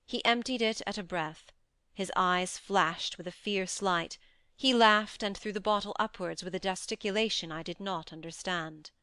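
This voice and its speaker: A woman narrating a classic short story as an audiobook, in measured, steady storytelling. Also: medium pitch, clean tone, no room sound. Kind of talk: scripted narration.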